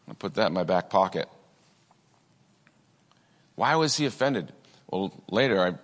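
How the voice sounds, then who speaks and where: A man's voice: sits low, a bit bright, long reverb tail. A man preaching a sermon in a conversational way, with many asides and fillers. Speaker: pastor.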